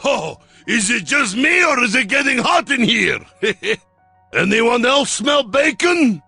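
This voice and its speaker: An actor playing a boisterous, vodka-loving Russian soldier in a video game, with a Russian accent and a husky, gravelly voice, boasting gleefully. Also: male voice, very high voice, sing-song, slow pace, bright, forceful tone, dry recording, soft background music, heavily acted.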